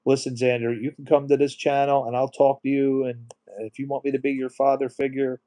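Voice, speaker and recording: Middle-aged male live stream host; warm low-key tone, emotional, reads viewer comments aloud. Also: flat delivery, fairly quick. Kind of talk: casual live stream chat.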